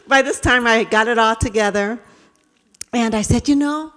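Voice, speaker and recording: A woman speaker giving a talk, telling a personal story with animated voices for herself and others. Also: a little high, a little fast. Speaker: keynote speaker. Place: large hall. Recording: reverberant hall.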